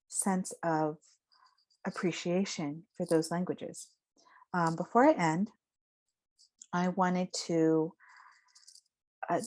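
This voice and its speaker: A woman's voice: lowish voice, darkish tone. A woman giving a casual spoken lesson, explaining and demonstrating vowel sounds aloud. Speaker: voice teacher.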